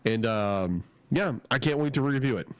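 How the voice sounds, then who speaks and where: A man's voice: medium pitch, lively intonation, normal speed, smooth. A man co-hosting a podcast, chatting casually and enthusiastically, rambling and restarting his sentences, with a head cold. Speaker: podcast co-host. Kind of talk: casual chat.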